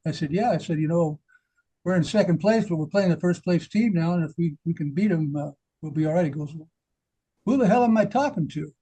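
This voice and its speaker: An older man with a high, husky voice tells an animated old baseball story and laughs along with it. His voice has a rough edge, and he talks loosely among old friends. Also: fairly quick, low-quality recording. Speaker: former minor league manager. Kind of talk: casual storytelling chat.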